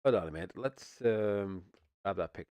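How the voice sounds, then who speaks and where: Male streamer, low voice, dry close sound; rambling, swears freely, trips over words mid-rant. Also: normal speed, dark tone, smooth, no echo. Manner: rambling, swears, stumbles and restarts, repeats "you know what I mean". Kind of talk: casual ranting commentary.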